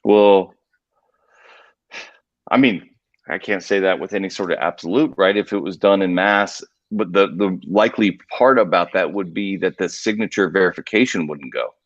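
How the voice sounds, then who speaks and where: A man on a podcast, explaining politics in a measured, hedging way, with restarts. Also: low voice, no room sound. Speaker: guest. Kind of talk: podcast discussion. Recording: dull lo-fi remote audio.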